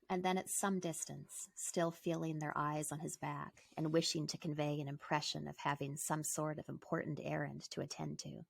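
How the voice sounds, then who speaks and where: A woman novelist from British Columbia, reading calmly from her book and chatting as a guest. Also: sits low, gravelly, husky, no room sound. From British Columbia, Canada.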